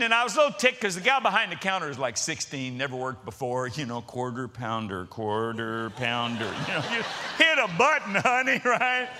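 A woman's voice: mid-range voice, background noise. A woman pastor preaching to a congregation, telling a story with laughter and acting out the voices of people in it. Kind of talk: sermon with storytelling. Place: church before a congregation.

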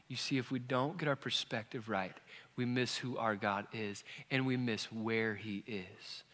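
A man in his thirties preaching a sermon as a pastor, telling a story that moves between quiet moments and loud, emphatic ones. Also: medium pitch. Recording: long reverb of a large hall.

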